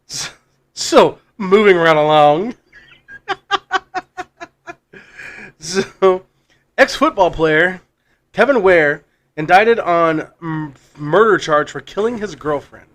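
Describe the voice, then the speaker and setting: High-voiced male podcast co-host. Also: animated, slow, long pauses, a bit bright. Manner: loose, laughing, reads news items. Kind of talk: casual comedy chat. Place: studio.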